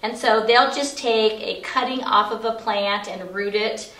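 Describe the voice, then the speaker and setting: In an office with noticeable echo and the mic placed far away, a middle-aged woman talks through essential oils in a relaxed, instructive way. Her mid-range voice is fairly bright and unhurried, and fillers crop up often.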